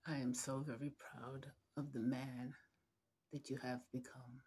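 Tearful, slow-speaking middle-aged woman. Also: a bass voice, little pitch movement, warm tone, husky. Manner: slow, tender, halting, drops to a whisper. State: emotional, holding back tears. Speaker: mother addressing her adult son. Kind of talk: heartfelt personal video message.

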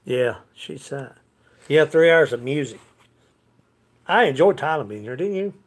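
Unhurried, high-pitched male host, folksy and quick to laugh, chatting live over guitar. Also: very animated. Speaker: host of a live music stream. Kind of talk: casual chat with viewers between songs. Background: his own acoustic guitar.

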